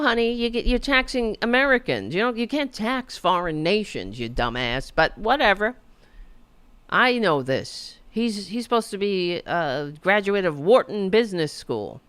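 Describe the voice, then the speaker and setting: A woman's voice: mid-range voice, sing-song, measured pace, a bit bright, smooth, no echo. A woman hosting a podcast, delivering an indignant, sarcastic political rant and swearing freely. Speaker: podcast host.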